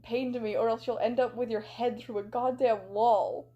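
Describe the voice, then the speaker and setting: A woman's voice: on the high side, steady tone, normal speed, mellow, muffled recording, close to an everyday voice. A woman reading as a grumpy, foul-mouthed man. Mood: irritated. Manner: irritable, sarcastic, swearing.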